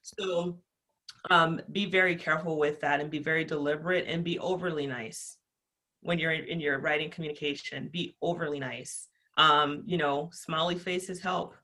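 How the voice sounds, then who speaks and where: On a podcast interview, a woman guest talks passionately about customer service, energetic and chatty with lots of fillers. Her voice sits low and she talks at a normal pace.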